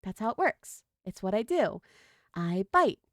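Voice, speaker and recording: A woman reading a story aloud, voicing a calm, wry male desert snake who speaks in a matter-of-fact, joking way. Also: mid-range voice, unhurried, no echo, studio quality.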